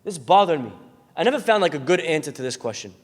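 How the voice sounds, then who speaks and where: A rabbi preaches a storytelling sermon to listeners in a lecture hall, long reverb trailing each phrase. His sing-song voice sits fairly high for a man, and he talks fast, animatedly acting out every character in his story.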